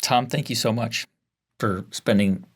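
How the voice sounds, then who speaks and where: Low-voiced male interview host. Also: measured pace, husky. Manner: brief affirmations, long searching questions. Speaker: podcast host.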